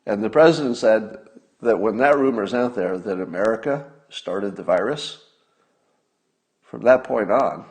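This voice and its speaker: A man in his sixties hosting a casual livestream, talking wryly and conversationally, with sudden emphatic rises and low mutters. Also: animated, a little slow. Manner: conversational, wry, drifts between loud emphasis and mutters. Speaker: podcast host.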